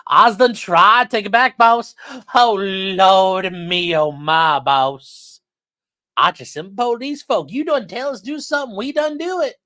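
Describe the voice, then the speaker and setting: A bumbling, pleading police officer, as a man puts him on, drawls in a thick Southern US accent, high and stretched out. He whines slowly and overdoes every word. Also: bright, forceful tone, no room sound. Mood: whiny pleading. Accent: put-on Southern US drawl. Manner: slow, whiny, exaggerated pleading.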